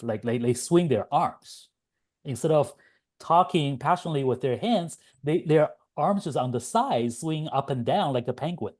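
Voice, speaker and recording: Guest giving speaking tips, mellow voice, chatty with some ums. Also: mid-range voice. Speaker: talk show guest. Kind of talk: advice in conversation.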